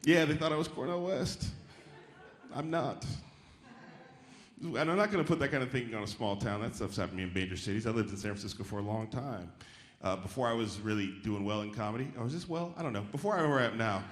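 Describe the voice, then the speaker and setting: A man performing stand-up in a big theater, his voice bouncing around the hall and faint audience sounds underneath. He keeps it loose and conversational, chatting with the crowd and slipping into bright, chirpy impressions. His pitch sits right in the middle for a man. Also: quick pace. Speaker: stand-up comedian. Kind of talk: stand-up comedy set. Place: theater stage before a live audience. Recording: roomy live hall with faint crowd noise. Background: audience laughter.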